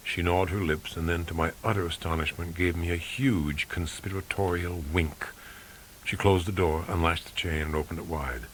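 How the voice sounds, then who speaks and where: A man reading a first-person novel aloud in a dry, measured, wry way. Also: low voice, fairly even intonation, fairly bright tone. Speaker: audiobook reader. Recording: faint tape hiss.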